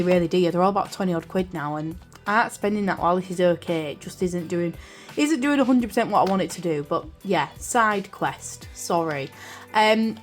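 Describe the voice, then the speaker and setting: A young woman with a British accent talks casually and rambles, full of fillers and apologies. Her voice sits at a middle pitch. Soft music plays faintly behind her. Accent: British English. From United Kingdom. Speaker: journaling vlogger. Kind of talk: casual chat. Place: craft room indoors. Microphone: camera on a desk stand.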